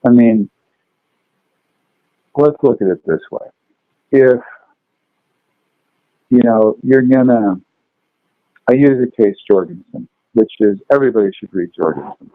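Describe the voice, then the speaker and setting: Over what sounds like a phone line, a food law lecturer guesting on a podcast chats in a lively storytelling style. His voice sits on the low side, the recording is dry, and he's animated, acting out the characters in his stories.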